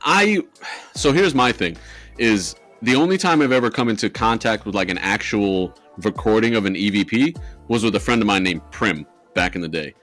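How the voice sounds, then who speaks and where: A podcast co-host with a lowish, slightly bright voice tells a ghost story at a moderate pace in rambling, casual chat packed with swearing and fillers. Soft music plays in the background.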